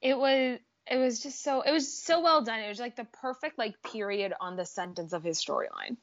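A woman in casual chat, relaxed and agreeable, often filling with "like". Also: fairly high pitch, brisk. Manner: relaxed, agreeable, lots of "like" fillers. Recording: dull lo-fi audio.

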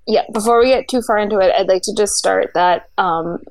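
A woman's voice: mid-range voice, brisk. A woman co-hosting a podcast, chatting casually about a wrestling show and sharing her theories. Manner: chatty, laughs often, shares theories. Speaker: podcast co-host. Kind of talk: casual wrestling recap chat.

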